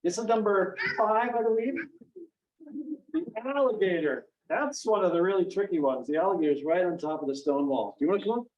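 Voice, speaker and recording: Animated man speaking in an echoey room. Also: high-pitched, a little fast. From Maine. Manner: animated, acts out quoted voices. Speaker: children's author at library visit. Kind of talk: storytelling talk to children and families. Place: library event room. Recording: dull, echoey room from far off.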